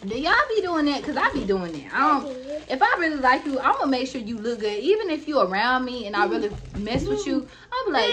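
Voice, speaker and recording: A woman's voice: high voice, big pitch swings, brisk, noisy background. A woman vlogger telling a story casually and bluntly, with plenty of swearing, and talking straight to her viewers. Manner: blunt, profane, talks straight to her audience.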